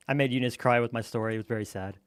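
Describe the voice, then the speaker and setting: A man's voice: mid-range voice, clean tone, no room sound, studio quality. Playful man telling a goofy story. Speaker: gamer telling a campfire story. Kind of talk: casual gaming chat.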